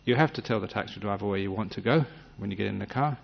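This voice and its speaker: A man giving a gentle, humorous meditation talk, acting out little scenes as he teaches. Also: on the low side, fast, creaky. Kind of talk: dharma talk. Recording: dull lo-fi recording.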